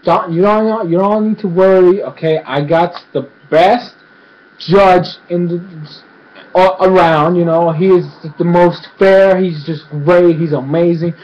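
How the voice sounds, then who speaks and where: A man's voice: sits high, steady tone, a little slow, lo-fi sound. A man voicing a scheming older chieftain who keeps reassuring people and repeats himself.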